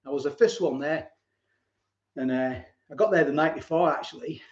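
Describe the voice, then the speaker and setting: A man in his forties chats casually as the host of a live stream, with a slightly high voice. He rambles through his stories, repeats words and chuckles along the way. The recording is roomy and dull, with a lo-fi home-stream sound. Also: normal speed. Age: 40s.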